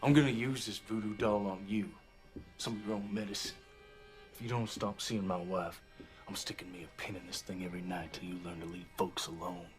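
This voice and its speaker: An actor doing a drawling Southern threat. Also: male voice, sits low, flat delivery, a little fast, faint music behind, close to an everyday voice. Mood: menacing. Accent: put-on American Southern. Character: menacing rural husband threatening a rival.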